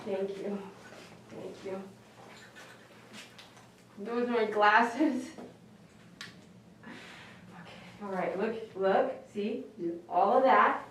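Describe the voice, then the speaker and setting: Soft-spoken woman coaxing a dog. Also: medium pitch, drawn-out words, pauses often. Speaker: dog groomer. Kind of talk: live-streamed grooming session. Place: grooming room. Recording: roomy sound from a distance over faint noise.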